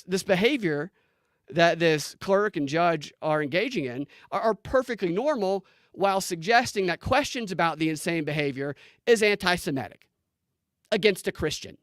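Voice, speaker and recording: A man hosting a commentary show, talking in an animated, incredulous way with many restarts as he reads posts aloud. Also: sits high, no echo, studio quality. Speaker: political commentary show host. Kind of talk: casual on-screen commentary.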